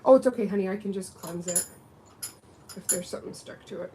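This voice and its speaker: A woman's voice: medium pitch, brisk, slight background noise, low-quality recording. A woman doing nails and chatting casually on a livestream while she works. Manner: chatty, with lively quoted voices. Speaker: nail technician.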